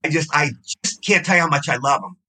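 High, bright, fast-talking man. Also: breathy edge, rough recording. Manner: effusive, gushing enthusiasm. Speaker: guest actor. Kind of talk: casual interview storytelling.

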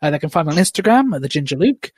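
A man hosting a podcast in casual chat, rambling and rushing through his plugs. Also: a little high, very animated, slightly rough, dry recording. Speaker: podcast host.

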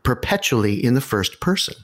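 A man hosting a podcast, telling a story in a casual, animated way with wry asides. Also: mid-range voice, a little fast.

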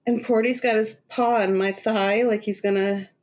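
A woman co-hosting a casual podcast chat, joking and giggling in a relaxed way. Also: medium pitch, normal speed. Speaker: podcast co-host.

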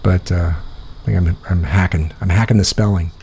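A man's voice: sits low, fairly even intonation, moderate pace, warm tone, slight background noise. A man with a Midwestern American accent hosting a casual chat, rambling and thinking aloud as he looks things up. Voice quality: gravelly, husky. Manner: rambling, thinking aloud while searching online. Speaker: podcast host.

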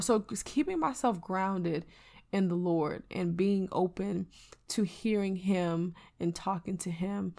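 A woman co-hosting a casual faith podcast, telling a personal story in an earnest, animated way. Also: medium pitch, measured pace, vocal fry. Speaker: podcast co-host.

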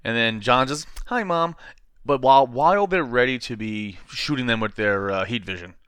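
A man's voice: medium pitch, brisk, a bit bright, clean tone, dry recording, studio quality. A man co-hosting a casual comic book podcast, laughing often and acting out lines in mocking voices. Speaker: podcast co-host.

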